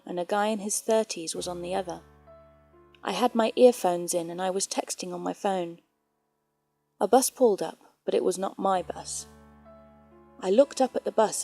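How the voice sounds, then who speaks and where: A woman reads true horror stories aloud in a calm, measured way. Her tone is mellow and warm at a middle pitch, with faint music playing softly underneath. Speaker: horror story narrator. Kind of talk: reading scary stories aloud. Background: faint background music.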